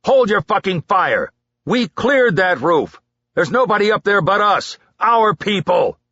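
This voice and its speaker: A man voicing a gruff army sergeant who barks profane orders at his soldiers. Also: mid-range voice, moderate pace, fairly bright tone, no echo, highs cut off, natural voice. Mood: yelling.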